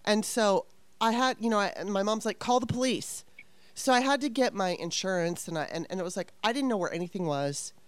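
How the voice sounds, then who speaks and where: A woman's voice: mid-range voice, fast, no echo. A woman in her fifties telling a story casually, rambling and swearing with exasperation.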